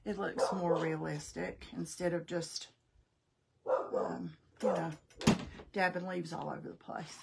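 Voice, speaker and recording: A woman's voice: lowish voice, little pitch movement, a little slow, vocal fry, long pauses, heavy background noise. A middle-aged woman casually demonstrating a craft live, chatting folksily, thinking aloud and greeting viewers by name.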